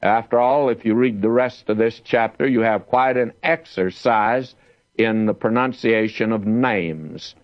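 A man's voice: lowish voice, a little slow, dry recording, muffled recording. A man teaching the Bible verse by verse, reading scripture aloud with emphasis.

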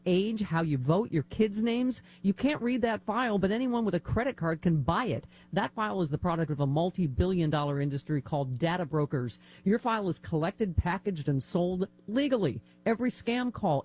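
A middle-aged woman hosting a talk radio show, chatting with quick laughs and reading ads. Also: lowish voice, darkish tone, poor audio. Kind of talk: casual political talk and ad reads.

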